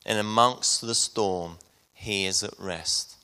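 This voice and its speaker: A man preaching a sermon to his congregation, retelling a Bible story and then speaking softly and personally to the listeners. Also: lowish voice, slow, clean tone. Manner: storytelling preacher, soft and intimate at the close. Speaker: pastor.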